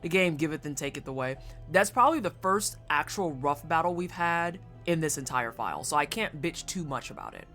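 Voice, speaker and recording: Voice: lively intonation, a little fast, few pauses, fairly bright tone, faint music behind. A streamer giving casual, profane commentary while playing a game and chatting with viewers. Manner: profane, chatty, jumps into high-pitched silly voices.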